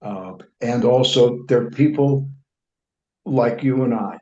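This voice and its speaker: A man's voice: medium pitch, slow, dark tone. A man who writes and reports, a guest in an interview, telling long anecdotes with many restarts and fillers and acting out what others said. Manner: acts out other people's remarks in quoted speech. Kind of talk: conversational storytelling in an interview. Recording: echoey room, dull lo-fi sound.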